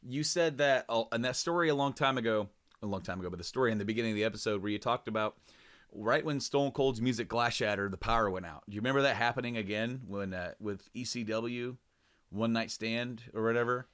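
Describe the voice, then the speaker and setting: A man's voice: mid-range voice, quick pace, fairly bright tone, clean tone. A man co-hosting a podcast, chatting casually and rambling with lots of fillers and restarts. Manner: rambling, loose, many fillers. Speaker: podcast co-host. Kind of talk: casual chat.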